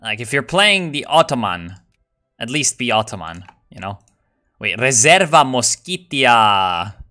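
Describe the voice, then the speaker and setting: A young man giving casual, profane commentary while playing a strategy game, excitable and musing aloud with fillers and laughs. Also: medium pitch, unhurried. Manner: swears a lot, excitable, jokey.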